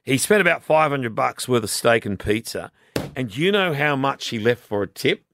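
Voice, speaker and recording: A man's voice: mid-range voice, lively intonation, normal speed, creaky, a bit bright, a little hiss or hum. A man with an Australian accent hosting breakfast radio, joking and laughing often with his guests. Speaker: radio host.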